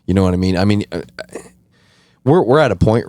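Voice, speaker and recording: Podcast guy, low warm voice, lots of yeah yeah, dry sound. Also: expressive, a little fast, dry recording. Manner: frequent agreeing fillers, laughs along. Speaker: podcast co-host. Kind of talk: casual profane chat.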